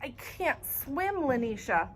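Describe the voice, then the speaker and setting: A woman voicing a frightened young boy, pleading in a high, slow whine in a storybook reading. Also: big pitch swings, a little hiss or hum, full character voice. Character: scared young boy who can't swim.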